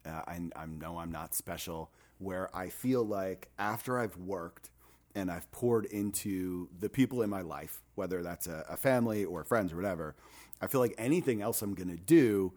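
A man's voice: deep voice, moderate pace, darkish tone. A man, likely in his thirties, talking reflectively and earnestly as a men's ministry leader in a casual chat.

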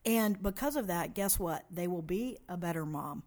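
A woman's voice: fairly low pitch, lively intonation, normal speed, darkish tone. A woman who leads a women's ministry, talking in an upbeat, encouraging and lightly teasing way in a casual chat.

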